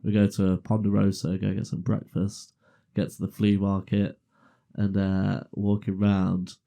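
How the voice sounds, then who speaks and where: Casual podcast co-host, middle-aged man, low and mellow, spinning an anecdote. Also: monotone, a little slow, creaky. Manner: laughs through his own story, acts out quoted voices. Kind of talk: casual storytelling chat. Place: garage.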